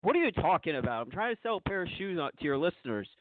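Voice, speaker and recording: A man with a high voice calls into a radio show over the phone. He repeats himself insistently and keeps asking not to be interrupted. The line is tinny and dry. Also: very animated, very fast, no room sound. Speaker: caller. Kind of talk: call-in phone conversation.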